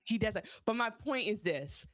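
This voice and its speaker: A woman's voice: mid-range voice, moderate pace, dry recording, clean studio sound. A woman co-hosting a podcast, retelling a show in casual chat and acting out lines as she goes. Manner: animated retelling with acted-out quotes and laughs. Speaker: podcast co-host.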